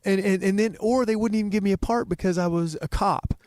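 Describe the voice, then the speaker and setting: A man's voice: sits high, fast, darkish tone, dry recording, studio quality. A man from Oklahoma with a Southern accent, a guest on a podcast, rambling through a casual story with many restarts.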